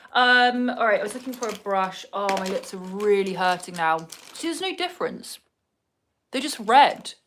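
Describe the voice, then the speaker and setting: A woman's voice: mid-range voice, animated, moderate pace, fairly bright tone, a little hiss or hum. A woman chatting casually to viewers at home as she does her makeup, rambling from one thing to the next. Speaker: vlogger. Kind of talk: casual get-ready-with-me chat. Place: at home indoors.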